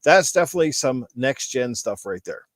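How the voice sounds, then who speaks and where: A man's voice: mid-range voice, animated, a little fast, dry recording. A man hosting a casual gaming podcast, easygoing, moving the talk along with questions to his guests. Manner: easygoing, steering topics with questions. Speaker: podcast host. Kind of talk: casual chat.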